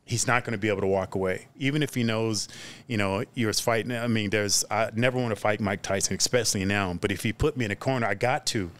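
A man telling stories in a casual podcast chat, animated, acting out the people in his stories. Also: on the low side, quick pace, clean tone. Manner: animated storyteller who acts out the other people in his stories loudly. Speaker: podcast guest.

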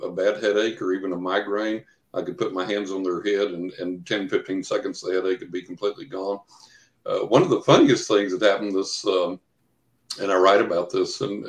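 This low-pitched older man has vocal fry and appears as an interview guest, a psychic investigator spinning lengthy stories. He fills them with hesitations and dramatized quotes, and the room echoes noticeably.

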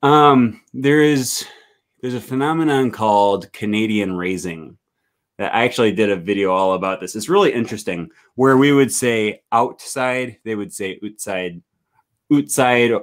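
A man hosting a casual chat, relaxed and curious, with many fillers. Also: on the low side, normal speed. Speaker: host. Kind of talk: casual video call chat.

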